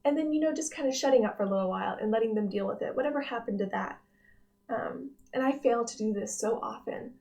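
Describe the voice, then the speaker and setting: A young woman hosting a personal devotional vlog, speaking in an earnest, gentle, reflective way with frequent restarts. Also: on the high side, fast, vocal fry. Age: young adult. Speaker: devotional vlog host, nursing student.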